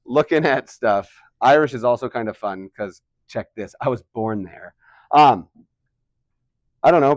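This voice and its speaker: A man's voice: medium pitch, a little mellow, dry recording. Male teacher, mid voice, dry room, chatty and questioning. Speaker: math teacher. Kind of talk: classroom lesson. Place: classroom.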